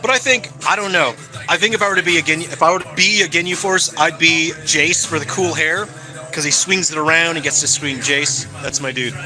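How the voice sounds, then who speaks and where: A man's voice: on the high side, a little fast, over music, rough recording. A man chatting casually and cheerfully on a live stream, answering his viewers as he goes. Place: hangout spot in California.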